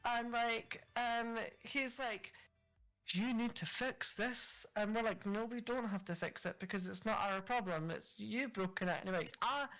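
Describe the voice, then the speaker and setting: Higher-pitched woman telling work stories. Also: a little slow, faint music behind, rough recording. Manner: animated, acts out angry customers, swears freely. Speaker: podcast co-host. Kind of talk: casual storytelling chat.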